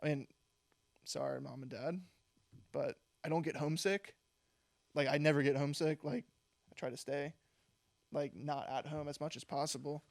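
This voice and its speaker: A young man with a somewhat high voice co-hosts a casual podcast. He rambles through anecdotes, leaning on "like" and breaking into laughs. The sound is dry and close. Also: steady tone, moderate pace, creaky, long pauses, no echo. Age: young adult. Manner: rambling storytelling with frequent "like" and laughs. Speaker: podcast co-host. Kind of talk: casual chat.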